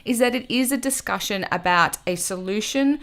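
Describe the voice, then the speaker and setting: Quick-witted woman. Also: mid-range voice, fairly bright tone. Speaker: podcast co-host. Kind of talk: casual film chat.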